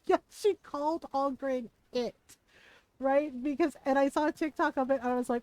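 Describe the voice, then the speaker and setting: A woman chats away while she plays a video game, giggling between thoughts and quoting old lines in playful little voices. Her voice sits a bit high but sounds mellow and warm. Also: steady tone, normal speed, no echo, poor audio. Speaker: game streamer. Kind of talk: casual chat while gaming.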